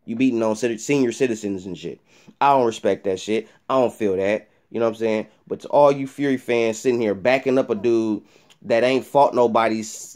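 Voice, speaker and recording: Dude going off on a boxing rant, cussing a lot, black slang, loud and heated, mid pitch. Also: male voice. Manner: profane, heated, repetitive rant. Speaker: boxing vlogger. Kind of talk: ranting commentary to camera.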